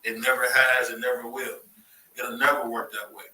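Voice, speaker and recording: A man from Cleveland hosting a casual boxing talk show, animated and laughing often as he repeats his points. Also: medium pitch, normal speed, reverberant, slight background noise, low-quality recording. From Cleveland, USA. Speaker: podcast host.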